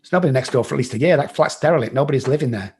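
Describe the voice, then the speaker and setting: A middle-aged English man with a husky, slightly breathy voice tells his story as a podcast guest. He talks bluntly, swears freely and acts out what other people said. His pitch sits in an ordinary male middle range. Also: racing, darkish tone. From England. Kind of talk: storytelling in an interview.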